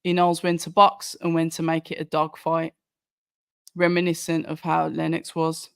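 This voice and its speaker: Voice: mid-range voice, monotone, moderate pace, vocal fry, clear, resonant tone, no echo, clean studio sound. A host from Birmingham with a Brummie accent, chatting casually on a livestream and answering viewer comments with frequent restarts. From Birmingham, England. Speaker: livestream watch-along host. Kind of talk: casual live chat commentary.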